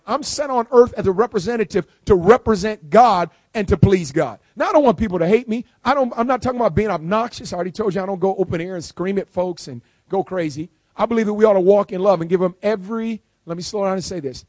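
A man preaching to a live congregation in a notably high voice. He hammers points home by repeating them and swings between soft asides and forceful declarations. The sound is close and dry. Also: fast, hardly any pauses, no room sound. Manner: emphatic, repeats key lines for stress. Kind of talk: sermon.

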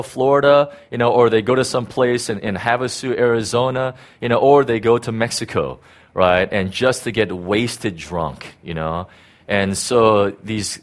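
A middle-aged man, a pastor, telling a personal story in a casual, rambling sermon with many fillers and restarts. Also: fairly low pitch.

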